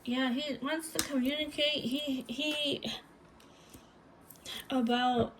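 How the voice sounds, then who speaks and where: A woman giving a tarot reading, talking haltingly and searching for words, often phrasing what someone might say. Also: high-pitched, fairly even intonation, fairly bright tone, a little hiss or hum, poor audio. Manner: speaks lines as if voicing someone else. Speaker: tarot reader.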